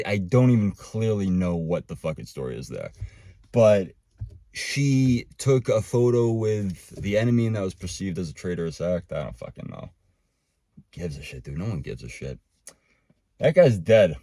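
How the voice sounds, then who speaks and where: A man in his thirties hosts a loose, rambling monologue, swearing often and breaking off mid-sentence to start again. His voice sits fairly low. The sound is dry, with almost no room echo. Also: dark tone. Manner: rambling, profane, self-interrupting. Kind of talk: casual monologue.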